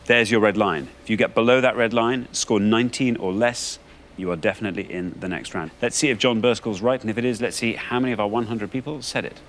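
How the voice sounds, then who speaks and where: A man's voice: fairly low pitch, fast talker, slight background noise. A man hosting a TV quiz show in a studio, genial and jokey as he talks to the contestants.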